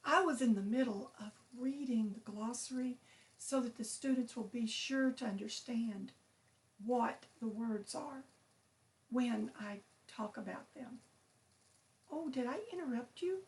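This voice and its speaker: Slow, high-voiced woman teaching children. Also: far from the mic. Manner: patient, clearly enunciated, explanatory. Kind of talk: children's lesson presenting.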